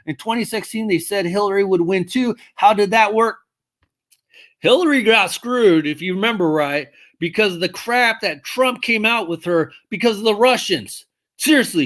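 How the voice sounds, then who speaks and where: A livestream host with a fairly bright tone casually answers viewers' comments, blunt and swearing, rambling and correcting themself while thinking aloud. Their pitch rises sharply when they get worked up.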